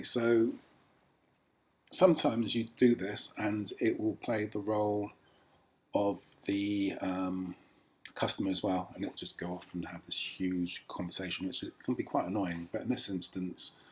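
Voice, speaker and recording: Brief: man, low husky voice, hesitant tutorial vlogger. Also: a little slow. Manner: hesitant, many ums, relaxed explaining. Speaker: language learner showing a practice tool. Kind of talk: casual screen tutorial.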